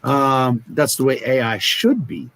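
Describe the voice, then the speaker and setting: A man's voice: mid-range voice, animated, measured pace, a bit bright, a little hiss or hum. A man co-hosting a loose, joking live-stream chat, who likes to slip into put-on accents. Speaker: co-host. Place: lives by a beach in Brazil.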